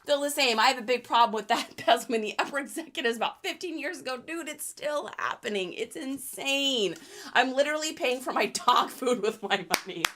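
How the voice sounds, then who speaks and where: Middle aged lady ranting on her stream, high voice jumping all over, bright. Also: brisk, a little hiss or hum. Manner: animated, ranting, gets worked up. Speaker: reseller livestreaming product photography. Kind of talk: casual livestream chat to viewers.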